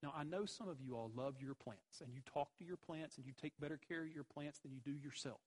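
A man's voice: fairly high pitch, brisk, slightly rough, rough recording. A man preaching a sermon, emphatic, with rhetorical questions and repeated phrases. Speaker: pastor.

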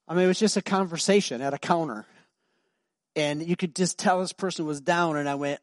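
A man's voice: on the high side, a little fast, dry recording. A middle-aged man pastor preaching a sermon, emphatic and repetitive, telling stories in a conversational way.

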